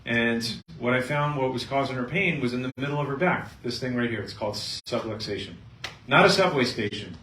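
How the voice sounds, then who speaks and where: A middle-aged man, a chiropractor, speaking to a live seminar audience and telling a patient story with lively storytelling. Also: mid-range voice. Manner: storytelling, acting out both sides of a patient story, animated. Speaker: chiropractor giving a health seminar. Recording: echoey room, mic at a distance, faint noise.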